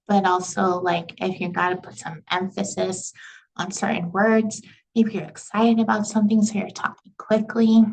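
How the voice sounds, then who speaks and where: Woman with a gravelly voice, lecturing casually. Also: mid-range voice, poor audio. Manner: casual, conversational, many fillers like "you know" and "right". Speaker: instructor. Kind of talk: recorded lecture.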